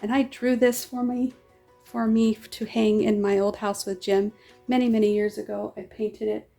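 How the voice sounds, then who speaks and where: A woman's voice: medium pitch, little pitch movement, moderate pace, vocal fry, dark tone, faint music behind. A woman vlogger talking casually and enthusiastically to her viewers. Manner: enthusiastic and chatty.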